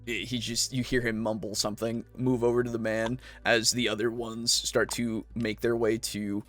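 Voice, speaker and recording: A man narrating a tabletop role-playing game as game master, slow and halting with many pauses and fillers. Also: mid-range voice, level tone, a bit bright, faint music behind.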